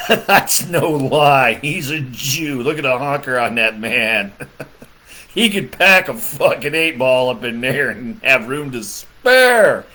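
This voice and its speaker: A man's voice: medium pitch, expressive, slow, bright, forceful tone. A man, a political comedian, rambling through a crude comedic rant, laughing often and leaning on fillers. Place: Michigan.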